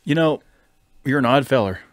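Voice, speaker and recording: A man's voice: mid-range voice, animated, moderate pace, no echo. A man co-hosting a podcast in a casual chat, teasing and quizzing his co-host, recorded in a studio.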